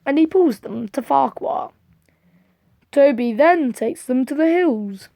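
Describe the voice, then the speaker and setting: A woman reading a children's storybook aloud in a gentle, even storytelling manner. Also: sits high, dry recording. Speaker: storybook reader.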